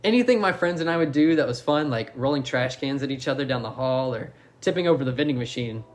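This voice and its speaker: A man's voice: mid-range voice, lively intonation, fast talker. A young man co-hosting a podcast, telling a crude story among friends and laughing through it. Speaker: podcast co-host.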